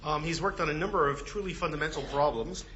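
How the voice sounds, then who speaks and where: A man's voice: a little high, quick pace. A man hosting a colloquium in a lecture hall, introducing the guest speaker in a light, joking way. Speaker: colloquium host. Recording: dull lo-fi recording with faint room hum.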